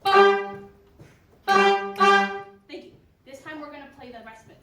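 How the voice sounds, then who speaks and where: A woman's voice: extremely high pitch, a little slow, over music. Upbeat woman band teacher, echoey room. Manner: upbeat, encouraging, sings rhythms. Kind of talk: rehearsal instruction. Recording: echoey room, distant mic. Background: band instruments playing.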